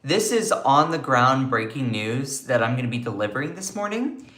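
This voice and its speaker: A woman's voice: low-pitched, a bit bright, echoey room. A woman hosting a live-streamed news commentary show, chatty and opinionated, reacting to viewers as she talks. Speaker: host of a news commentary livestream.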